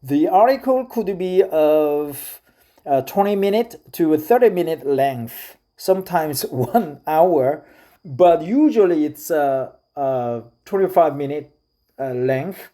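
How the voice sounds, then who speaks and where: A middle-aged man from South Korea with a Korean accent, speaking English as a second language in a casual, hesitant monologue full of filler pauses. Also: a little high, lively intonation, dark tone. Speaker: vlogger.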